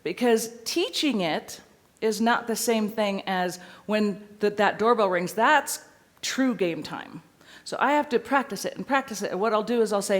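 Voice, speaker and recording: A woman dog trainer teaching a seminar audience in a lively, playful way, sometimes acting out a dog's voice. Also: medium pitch, moderate pace.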